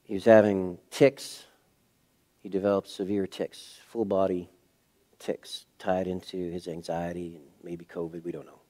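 A middle-aged man preaches from the pulpit, recounting something from his own life. His deep voice keeps a level tone and measured pace, though the sermon swings from hushed quiet to raised emphasis.

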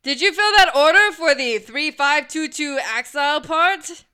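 A dry, wary young office worker in a stage play, read cold by a woman. The voice is bright, smooth and clear, with a plain delivery. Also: mid-range voice, lively intonation, normal speed, close to an everyday voice.

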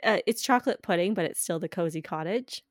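A woman's voice: fairly low pitch, quick pace, no room sound. Woman telling stories, dry close sound. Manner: animated storyteller, laughs often, swears casually. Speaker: podcast co-host. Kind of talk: casual chat.

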